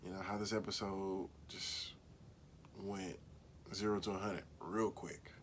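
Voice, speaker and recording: A man's voice: low voice, level tone, unhurried, slight background noise. Laid-back guy saying "man" a lot. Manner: laid-back, says "man" and "y'all" constantly; asks viewers questions directly. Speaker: show recap host. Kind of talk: casual solo video commentary.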